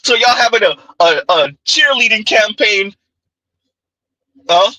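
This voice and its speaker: A man's voice: high-pitched, lively intonation, measured pace, sharp tone, dry recording, dull audio. A man, hosting a sarcastic, heated commentary rant. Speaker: commentary channel host.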